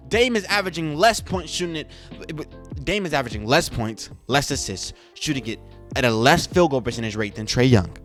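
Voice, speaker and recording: A man's voice: fairly high pitch, fairly bright tone. A man hosting a sports podcast, ranting casually and emphatically with indignant rhetorical questions. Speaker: podcast host.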